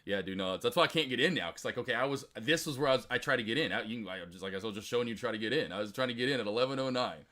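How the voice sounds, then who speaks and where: A man hosting a live stock trading stream, chatting casually with viewers in an excitable, rambling way. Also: mid-range voice, rapid-fire, few pauses. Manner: excitable, chatty, quotes others in loud outbursts. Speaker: stock trading livestream host.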